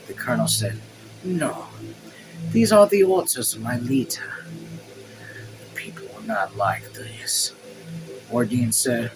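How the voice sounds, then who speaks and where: A man hosting a casual book read-along at home, reading the text and even the punctuation aloud, then breaking off into excited, swear-filled asides. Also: on the high side, moderate pace, background noise. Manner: reads quotes and punctuation marks aloud. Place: his room at home.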